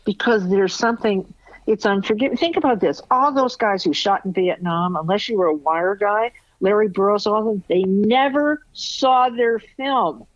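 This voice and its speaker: A woman's voice: medium pitch, no room sound, lo-fi sound. An older woman, a photo editor and teacher, telling stories in an interview in a blunt, candid way and laughing often. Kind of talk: interview storytelling.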